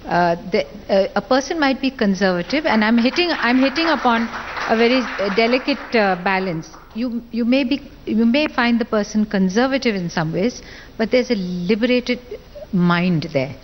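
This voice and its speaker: A woman panelist speaks haltingly and reflectively, searching for her words. The audio is dull and carries a long hall reverb, with faint noise behind her. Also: a little high. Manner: halting, reflective, many fillers. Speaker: panelist, arts figure.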